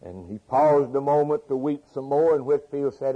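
A man's voice: medium pitch, moderate pace, highs cut off. A man preaching a sermon, asking rhetorical questions and repeating phrases for emphasis.

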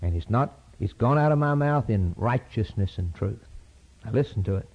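A man preaching a sermon, impassioned and rhythmic, swinging from loud high peaks down to low, quiet lines. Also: lively intonation, normal speed, breathy edge. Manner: impassioned, rising to shouted peaks then dropping low; repetitive, rhythmic preaching cadence. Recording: dull lo-fi sermon tape.

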